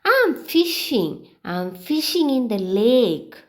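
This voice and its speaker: A woman teaching beginners, reading short example sentences one by one in a slow, clear, sing-song way. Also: a little high, big pitch swings. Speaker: English teacher.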